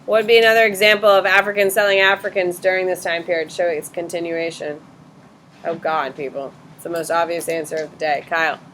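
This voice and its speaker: Brisk bright-voiced woman teacher quizzing a class. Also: fairly low pitch, flat delivery, slight background noise. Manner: brisk, quizzing students, blunt corrections. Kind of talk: classroom lecture with questioning.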